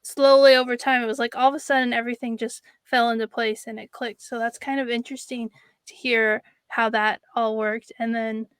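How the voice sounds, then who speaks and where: A woman with a fairly high, smooth, clear voice hosts a casual interview. She sums up what her guest said in a reflective, chatty way. The recording is dry and close. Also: flat delivery, brisk, dry recording. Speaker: podcast host.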